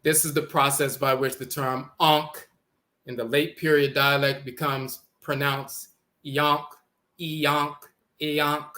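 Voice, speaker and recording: Bright-voiced man spelling out words. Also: medium pitch, level tone. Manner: deliberate, repeats and spells out words. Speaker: lecturer on language origins. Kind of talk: spoken lecture with on-screen text.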